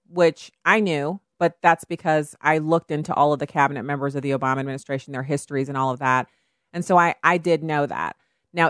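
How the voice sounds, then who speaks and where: A woman hosting a talk radio show, speaking in an animated way and mimicking other people in quoted asides. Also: low-pitched, no echo, studio quality. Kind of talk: conservative talk radio commentary.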